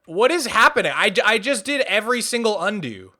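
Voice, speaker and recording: A man's voice: sits high, very animated, fairly quick, sharp tone. A male streamer playing a game live, exasperated and frustrated, tossing in "dude" and "bro" as he talks.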